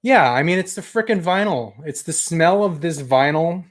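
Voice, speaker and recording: A man's voice: on the high side, expressive, normal speed. Chatty man hosting a toy livestream. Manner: chatty, rambling, enthusiastic, mild swearing. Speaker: toy collector channel host. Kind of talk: casual livestream chat reading viewer comments.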